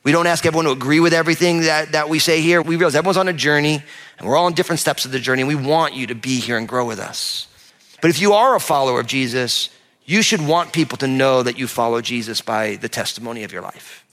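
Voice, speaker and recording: A middle-aged man from New Jersey preaching a sermon as pastor, lively and conversational, acting out quoted voices as he goes. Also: a little high, fast. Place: large church auditorium. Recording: long hall reverb.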